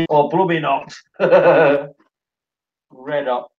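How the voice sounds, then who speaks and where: A man's voice: fairly high pitch, muffled recording. A man from Sheffield with a Yorkshire accent, hosting a casual livestream, chatting and reading out viewer comments, tired. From Sheffield, England. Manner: chatty, reads out viewer comments, laughs often. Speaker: livestream host.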